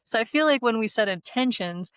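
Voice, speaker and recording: A woman's voice: on the high side, animated, fairly quick, a bit bright, clear, resonant tone, dry recording. A young adult woman co-hosting a podcast in casual chat, candid and swearing freely. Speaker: podcast co-host.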